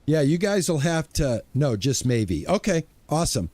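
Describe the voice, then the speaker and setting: A man's voice: on the high side, animated, normal speed, darkish tone, dry recording. A middle-aged man streaming a game, chatting casually and greeting viewers by name, often restarting his words. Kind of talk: casual live-stream chat.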